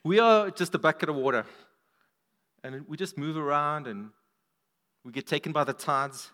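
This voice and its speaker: A man preaching a sermon at a church service, animated, his voice swinging up and down for emphasis. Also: normal speed. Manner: animated, rises and drops in pitch and volume for emphasis.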